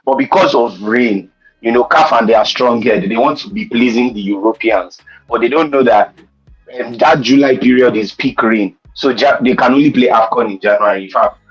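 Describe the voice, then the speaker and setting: Man, panelist, husky voice, opinionated, dull lo-fi recording, faint music. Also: medium pitch, normal speed. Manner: emphatic, opinionated. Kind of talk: sports debate. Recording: dull lo-fi sound.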